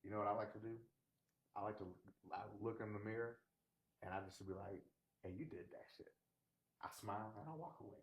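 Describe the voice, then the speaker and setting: A man's voice: lowish voice, level tone, fast, roomy sound. A man in casual podcast chat, encouraging and affirming the others.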